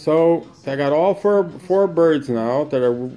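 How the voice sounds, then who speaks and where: A man filming his pet parakeets in a room at home narrates casually, in an animated, slow, warm voice. He talks to the bird in a high, coaxing sing-song.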